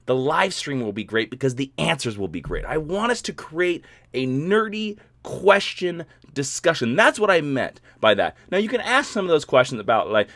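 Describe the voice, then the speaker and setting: A man's voice: on the high side, big pitch swings, moderate pace, few pauses, a bit bright, no echo. A man hosting a casual live stream, chatting in a playful, rambling way.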